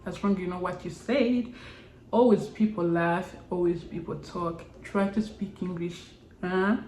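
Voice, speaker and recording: A woman's voice: on the low side, steady tone, a little slow, darkish tone, a little hiss or hum. Encouraging woman vlogger. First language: Kinyarwanda. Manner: encouraging, repeats short exhortations. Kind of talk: casual motivational talk to camera. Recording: roomy echo.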